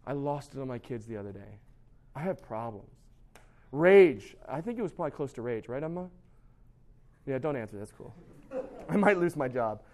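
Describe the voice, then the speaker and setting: This young pastor, speaking mid-range at normal speed with long pauses, delivers a youth sermon in a chatty, lively way and acts out the excuses his students give.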